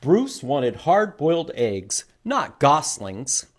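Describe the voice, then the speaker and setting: A man reading a picture book aloud to children as a librarian, animated and stopping to ask them questions. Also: fairly high pitch, slow. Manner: animated, asks the listeners questions.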